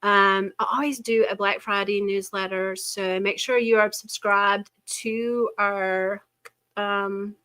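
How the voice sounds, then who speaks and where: An older woman, hosting a casual chat and telling stories in an animated way, acting out the voices she quotes. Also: mid-range voice, slow, clean tone, poor audio. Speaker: host of a yarn shop show.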